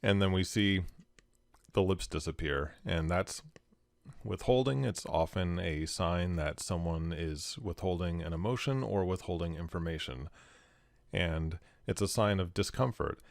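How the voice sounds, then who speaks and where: Host, male, very low voice, dry close recording, instructive tone. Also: unhurried, vocal fry, dry recording. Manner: calm, instructive, step-by-step. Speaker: host analysing body language. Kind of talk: explanatory commentary.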